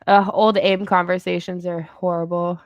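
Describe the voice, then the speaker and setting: A young woman co-hosting a podcast, telling stories in a profane, animated way. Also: on the low side, moderate pace, dry recording, highs cut off. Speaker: podcast co-host. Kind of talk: casual chat.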